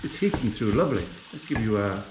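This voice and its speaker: A man's voice: fairly low pitch, sing-song, quick pace, echoey room, background noise. A man from England chatting casually to his viewers while he cooks on the hob at home, with food sizzling in the pan. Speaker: cooking vlogger. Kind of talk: casual cooking vlog. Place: home kitchen. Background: frying and sizzling from the hob.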